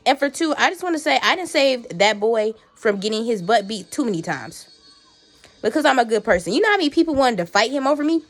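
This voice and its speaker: A woman drops into a vlog with a sassy, emphatic aside. Her voice sits a little high. Faint music plays underneath her. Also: lively intonation, quick pace. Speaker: vlogger.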